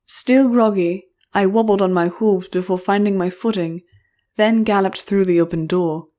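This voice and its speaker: A woman narrating an audiobook in the first person, her voice in an ordinary middle register. She tells the story in a measured, expressive way. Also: medium pitch.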